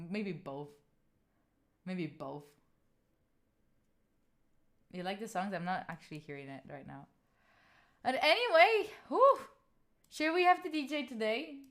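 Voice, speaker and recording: A young woman in her twenties from Italy, speaking English with an Italian accent, chatting frankly with viewers on a live stream and swearing freely. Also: medium pitch. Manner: animated, frank, swears freely, reads and answers chat. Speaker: livestreamer.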